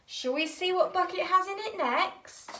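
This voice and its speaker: A woman's voice: extremely high pitch, unhurried, a bit bright. A woman leading a bucket activity for a small child, narrating toys in an exaggerated sing-song voice full of gasps. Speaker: early-years teacher leading a bucket activity. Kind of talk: child-directed play narration.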